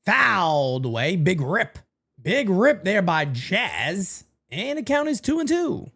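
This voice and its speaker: A man calls a baseball game live for his stream, his voice swooping up in excited bursts and dropping low for quick asides. He talks into a desk microphone at home, casual and chatty with his viewers. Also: creaky. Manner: animated, jumps between hype and low asides. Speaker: live baseball watch-party host. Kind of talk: live play-by-play commentary and sponsor read.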